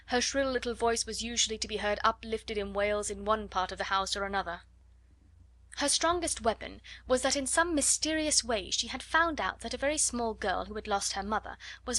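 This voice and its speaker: A woman's voice: fairly high pitch, no echo. Woman narrating a classic audiobook. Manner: measured, expressive storytelling. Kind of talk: scripted narration.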